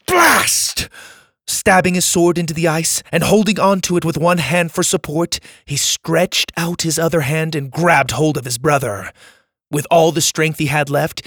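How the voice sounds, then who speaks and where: A man reading a children's adventure story as its narrator, in a measured and dramatic storytelling manner. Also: on the high side, a bit bright, dry recording, studio quality.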